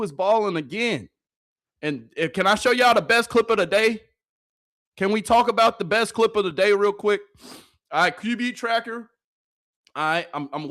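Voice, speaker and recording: Loud hype man with a lively high voice. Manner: loud and excitable, yelling and laughing often. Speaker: sports reaction livestream host. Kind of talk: hyped live commentary on football clips. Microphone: close microphone he yells into.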